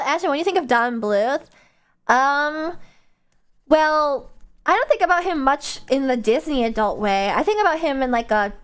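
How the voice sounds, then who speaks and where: A woman from the Midwest streaming, chatting casually and rambling with many fillers and giggles. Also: sits high. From American Midwest. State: coughing after choking on water. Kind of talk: casual livestream chat.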